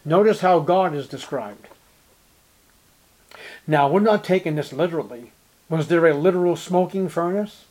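Man, preacher, Bible sermon, slightly high voice, emphatic, rhetorical questions. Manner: emphatic, rising to forceful highs on key words; reads scripture in King James style, asks rhetorical questions.

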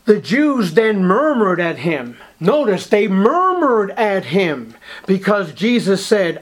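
A man's voice: sits high, big pitch swings, slow. A male preacher giving a sermon, emphatic and repetitive, full of rhetorical questions.

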